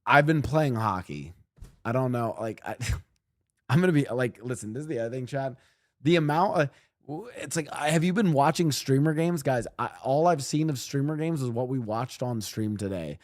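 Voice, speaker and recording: A man's voice: mid-range voice, moderate pace, no echo, clean studio sound. A man streaming and reacting to clips, rambling animatedly and talking to his chat.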